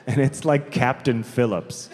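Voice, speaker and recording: Slow-talking stand-up comedian, man. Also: medium pitch, darkish tone. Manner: rambling, self-correcting asides, sudden emphatic outbursts. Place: large theater stage. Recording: live theater, long reverb, faint noise.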